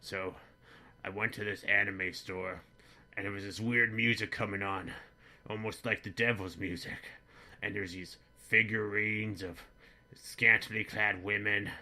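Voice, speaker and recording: A boorish, bigoted middle-aged dad, played by a man rambles crudely through a comedic monologue. His voice sits a little low but rings bright and forceful. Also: steady tone, unhurried, full character voice. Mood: blustering. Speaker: comedy vlogger in character.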